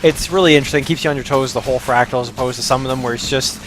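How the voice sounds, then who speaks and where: A slightly hoarse man hosting gameplay commentary, explaining mechanics to his friends between frequent laughs. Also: mid-range voice, rapid-fire, over music. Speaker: host guiding a game run.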